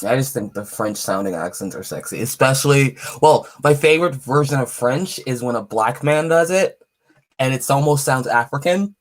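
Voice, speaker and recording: A man's voice: mid-range voice, animated, normal speed. A man, an author, in casual conversation, laughing often as he talks. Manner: laughs often between remarks. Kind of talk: casual chat.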